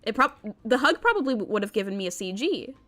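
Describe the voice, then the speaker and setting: A woman's voice: a little high, very animated, quick pace, fairly bright tone. A young woman streaming a visual novel, commenting in an exasperated, incredulous way with lots of repeated words and rambling, and reading the game text aloud.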